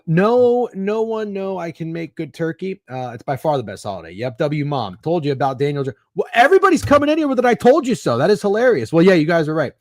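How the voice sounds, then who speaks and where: A man's voice: on the high side, no echo, studio quality. A man in his thirties hosting a sports betting podcast, chatting casually in a rambling, opinionated and profane way while reading live comments.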